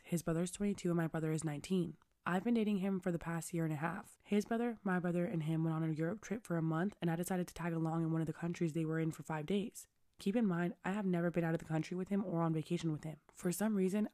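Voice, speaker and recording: A woman reading online posts aloud as a storytime narrator, at an even, brisk clip. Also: lowish voice, no echo, studio quality.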